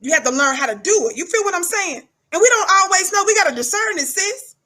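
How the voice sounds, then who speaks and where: A middle-aged woman holds forth in an animated livestream monologue. Her voice sits high and rings bright. She hammers her points home by repeating words over and over. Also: fast talker. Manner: emphatic, preachy, repeats words for effect. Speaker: livestream commentator.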